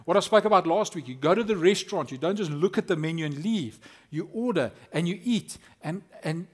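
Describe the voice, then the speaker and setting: Animated pastor preaching. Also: male voice, sits high, brisk, breathy edge. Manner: animated, conversational preaching with acted-out quotes. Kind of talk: sermon.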